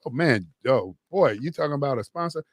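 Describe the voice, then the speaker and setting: A man co-hosting a radio talk show, animated and hyping a sponsor with emphatic repetition. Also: mid-range voice, fairly quick, no echo, studio quality. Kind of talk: lively radio banter and live sponsor read. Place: radio studio.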